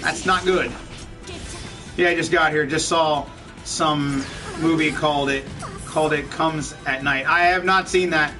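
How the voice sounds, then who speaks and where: A man's voice: on the high side, fairly even intonation, unhurried. Man, swearing let's play host, game music underneath, distant mic. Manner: profane, ranting, laughs often. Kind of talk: casual gameplay commentary chatting with viewers.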